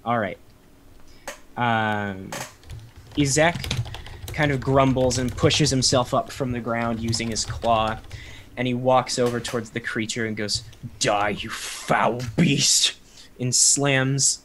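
Brief: young male game master, relaxed and plain-spoken, average pitch, light background noise. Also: a little slow. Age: young adult. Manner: easygoing, answers rules questions plainly. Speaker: dungeon master. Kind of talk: narrating a tabletop game.

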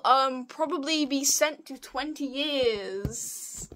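A young woman giving a casual tour of her sketchbook, excitable and giggly, sounding tired. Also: high voice, takes it slowly, slight background noise. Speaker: art student showing a sketchbook.

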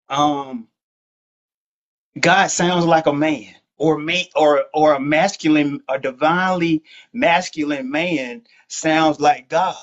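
A man's voice: on the high side, fairly bright tone, muffled recording. A man hosting a faith podcast, chatting in a laid-back, joking, slangy way. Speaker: host.

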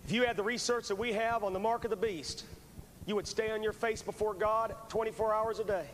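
A man with a high, steady, brisk voice preaches as an evangelist at a revival service, fervent and urgent, repeating phrases as he pleads with the crowd. It's a revival sermon with an altar call. The poor VHS recording from a large church carries long hall reverb and faint hiss.

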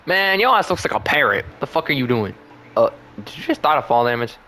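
A young gaming channel host rattles off casual gameplay commentary at a fairly quick clip, excitable, swearing, trash-talking and laughing often. His voice is medium-pitched, with a little hiss or hum in the recording.

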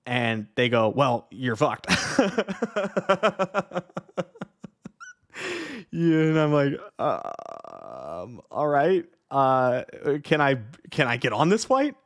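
A young man tells a travel mishap to his viewers in a relaxed vlog, his pitch sitting in an ordinary middle register. He swears casually, laughs often, and quotes everyone in the story with lively back-and-forth energy. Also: drawn-out words, vocal fry. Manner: animated retelling with quoted voices and laughs. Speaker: vlogger.

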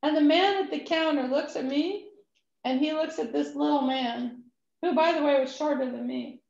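A woman's voice: sits high, moderate pace, creaky. Woman storyteller at a ministry class, acts out every voice, dull lo-fi recording with room echo. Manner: animated storyteller acting out dialogue. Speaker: ministry executive director. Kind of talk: storytelling testimony talk. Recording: echoey room, dull lo-fi sound.

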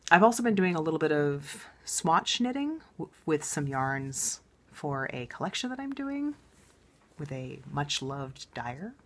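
A woman's voice: extremely low pitch, fairly bright tone. A woman hosting a knitting podcast, chatting casually and enthusiastically, thinking aloud with plenty of ums and restarts. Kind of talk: casual show-and-tell chat.

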